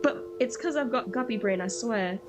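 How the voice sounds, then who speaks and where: A woman streaming a video game, chatting casually and excitably and echoing the game text aloud. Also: fairly high pitch, moderate pace. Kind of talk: casual gaming chat. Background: game music.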